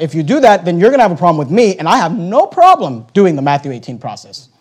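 A man delivers a sermon from the pulpit in a high voice. He swings from soft, earnest passages to loud, lively outbursts and acts out short dialogues between people. He quotes scripture along the way. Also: fast. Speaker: pastor.

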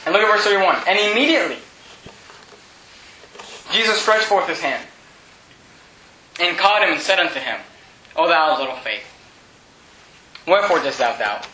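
A high-voiced man pastor preaching a fervent sermon. His tone is sharp and bright, rising into shouts and sinking to low, urgent passages. The sound is roomy and echoing, with a faint hiss underneath. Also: lively intonation. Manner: loud, fervent preaching with shouts and quick drops to low tones.

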